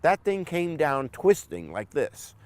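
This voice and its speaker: Vivid storytelling man, fairly high voice. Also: very animated, slow pace, dry recording. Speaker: local resident. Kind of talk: documentary interview.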